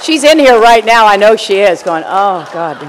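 A woman's voice: a little high, animated, normal speed, slight background noise. An older woman speaking at a recovery meeting, telling stories with brash, joking humor and frequent laughter. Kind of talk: humorous storytelling talk to an audience.

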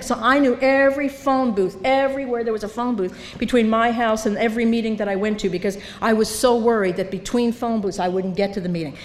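A woman's voice: fairly high pitch, steady tone, quick pace. An older woman sharing her recovery story at a meeting, storytelling with humor and acting out the voices of others. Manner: storytelling, acts out voices, self-mocking humor. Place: meeting hall. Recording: reverberant hall, faint background noise.

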